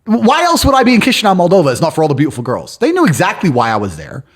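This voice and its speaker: Brash, fast-talking storyteller man. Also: sits high, wildly swooping pitch. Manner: brash, swears freely, acts out other people's lines. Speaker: podcast guest. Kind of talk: boastful storytelling in casual chat. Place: lives in London.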